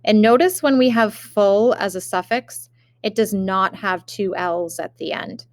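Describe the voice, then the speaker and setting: Over a remote lesson, a woman teacher dictates spelling words slowly and carefully, giving an example sentence for each. Her mid-range voice comes through with no echo.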